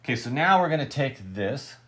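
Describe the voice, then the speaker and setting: A man's voice: medium pitch, expressive, brisk. A man teaching a guitar lesson who says okay constantly, keeps checking that the student understands, and scats rhythms aloud. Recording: loud guitar playing between talk. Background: guitar strumming.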